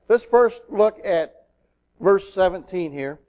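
A middle-aged man preaching a sermon in an animated way, acting out little voices in his asides. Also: high voice, slow pace, lo-fi sound.

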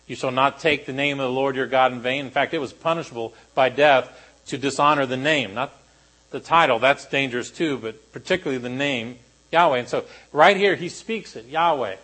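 A male pastor preaching a sermon to a congregation, shifting between animated emphasis and quiet, solemn lines. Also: mid-range voice, fairly quick, low-quality recording.

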